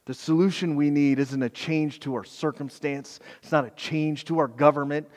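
Impassioned preacher in a reverberant hall. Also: male voice, a little high, steady tone, normal speed. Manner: impassioned, builds to loud pleading then drops to near-whisper. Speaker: pastor. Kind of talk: sermon.

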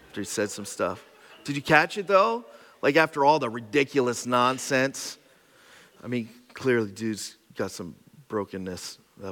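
A man preaching a sermon, swinging from loud emphatic lines to hushed, intimate ones, with casual asides. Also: fairly high pitch, gravelly, in a large hall. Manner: conversational asides with frequent "right?" and "like". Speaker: pastor.

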